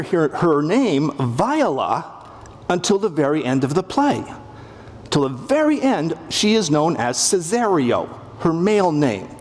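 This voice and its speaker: On a theatre stage, a middle-aged literature professor with a Canadian accent delivers a wry, humorous public lecture to a live audience, acting out the quotes. His voice is fairly high-pitched, with slight background noise. The recording has a big hall's long reverb and faint ambience.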